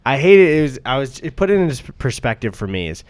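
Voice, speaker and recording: A man's voice: mid-range voice, very animated, quick pace. Young guy rambling on a podcast, laughs a lot, swears, just casual chat. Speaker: podcast co-host.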